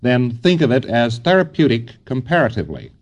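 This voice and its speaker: A man giving an informal lecture to trainees, rambling and folksy, often pausing on fillers. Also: mid-range voice, big pitch swings, muffled recording.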